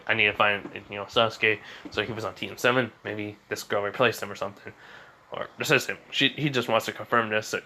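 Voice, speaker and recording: A man with a bright, forward voice tells a homemade fan story in a casual, rambling way. He chuckles now and then and corrects himself as he goes. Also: medium pitch.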